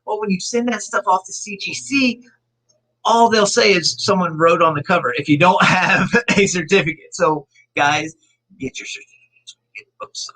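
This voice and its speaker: A man from Florida chatting as a guest on a casual podcast, animated and laughing easily as he tells stories. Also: high voice, normal speed, poor audio. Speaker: co-host guest. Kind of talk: casual live-stream chat.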